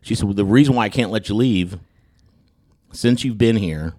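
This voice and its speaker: A man with a voice on the low side hosts a podcast, speaking at normal speed as he tells an anecdote in casual chat. He's an animated storyteller who acts out what people said, with frequent stammered restarts.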